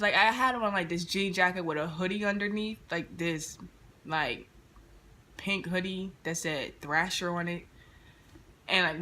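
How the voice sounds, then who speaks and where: A young woman in a casual storytime vlog, retelling an encounter with lively slang and quoted dialogue. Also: fairly low pitch. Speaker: vlogger. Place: indoors near a street, car noise outside.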